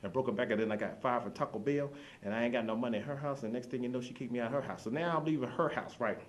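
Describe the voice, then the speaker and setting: A man's voice: medium pitch, rapid-fire. A man telling a rambling comic story, piling up run-on tangents and repeated catchphrases. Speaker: comedian.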